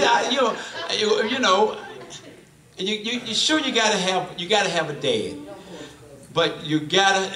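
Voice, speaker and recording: A man's voice: high-pitched, moderate pace, sharp tone, distant mic. A middle-aged man preaching a sermon in a church, folksy and repetitive, often restarting his phrases. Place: church sanctuary. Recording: echoey church room from afar.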